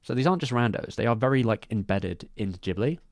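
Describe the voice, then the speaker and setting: Man, casual live-stream commentator, rambling with restarts, mid pitch, dry close sound. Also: expressive, fairly quick, no room sound. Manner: rambling, many restarts and asides. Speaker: streamer discussing animation credits.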